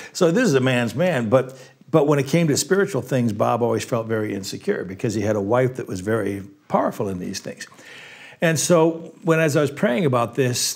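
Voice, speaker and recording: A man telling a faith story in casual conversation, earnest and halting, getting emotional as he speaks. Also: mid-range voice, a little mellow, breathy edge. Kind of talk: casual testimony.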